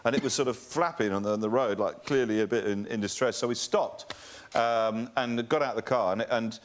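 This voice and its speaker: A man's voice: medium pitch, fairly quick. A man on a talk show, telling a comic anecdote in a rambling, self-interrupting way. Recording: TV clip with loud background noise.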